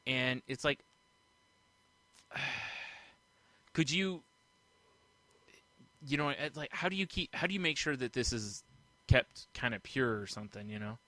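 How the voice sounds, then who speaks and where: Bright-voiced rambling podcast host. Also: male voice, mid-range voice, a little slow, pauses often, no echo. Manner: chatty, rambling, laughs a lot. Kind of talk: casual banter.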